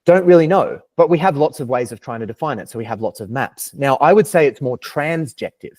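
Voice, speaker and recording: A man's voice: medium pitch, animated, a little fast, a little mellow. A young Australian man as a podcast guest, talking in a thoughtful, philosophical way, hedging and restarting his sentences. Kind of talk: casual interview chat.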